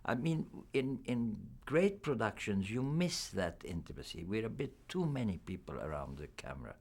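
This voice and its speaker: Gravelly older man, lively low voice. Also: normal speed. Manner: reflective, candid, chuckling. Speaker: film actor being interviewed. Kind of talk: press junket interview.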